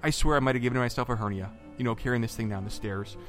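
A man co-hosting a podcast, telling a vacation story in a lively, chatty way with lots of fillers and acted-out quotes. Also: medium pitch, rapid-fire, soft background music. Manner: animated storyteller, acts out quotes, many fillers and restarts. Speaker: podcast co-host.

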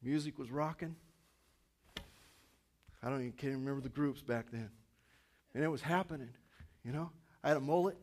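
A man in his fifties preaching a sermon in a church, animated, acting out inner voices and swinging from loud to quiet. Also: mid-range voice, normal speed, pauses often. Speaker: pastor.

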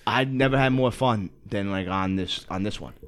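A man's voice: lowish voice, moderate pace. A young man co-hosting a podcast, telling crude stories in casual chat, swearing often and laughing through them. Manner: profane, laughing storyteller. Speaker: podcast co-host.

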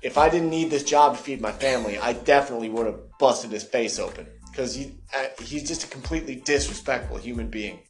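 A man's voice: medium pitch, a little fast, few pauses, soft background music. A man co-hosting a podcast, telling a long workplace story in casual chat and often acting out the people in it. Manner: animated storyteller who mimics customers in raised voices. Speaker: podcast co-host.

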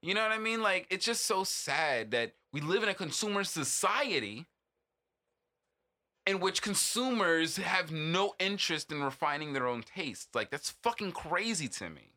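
A man's voice: high-pitched, big pitch swings, moderate pace, sharp tone. A man co-hosting a casual podcast discussion, emphatic and swearing freely as he lectures. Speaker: podcast co-host.

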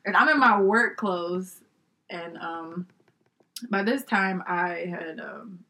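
A woman telling a personal story in casual conversation, lively and laughing often, acting out what people said. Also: fairly low pitch, slow. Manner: lively, laughs often, acts out quoted dialogue.

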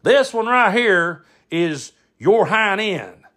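A man imitating his gruff, impatient uncle with an exasperated, scolding drawl. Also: high voice, expressive, takes it slowly, fairly bright tone, pitched above the performer's own voice, heavily acted. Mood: mocking.

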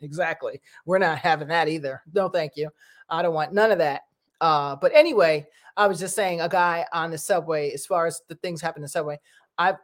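A middle-aged woman, talking straight to her viewers in a rambling, chatty monologue and slipping into animated voices when she quotes people. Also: fairly low pitch. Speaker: vlogger.

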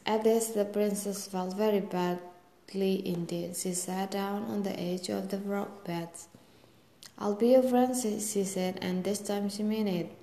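A woman reading a fairy tale aloud in a gentle, steady storytelling manner. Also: medium pitch, a little slow. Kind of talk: storybook read-aloud narration. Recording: echoey room with faint ambience.

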